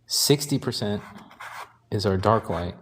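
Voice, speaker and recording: A man teaching painting, talking calmly and thinking aloud while he works, sometimes correcting himself. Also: on the low side, unhurried, slight background noise. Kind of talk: live painting demonstration.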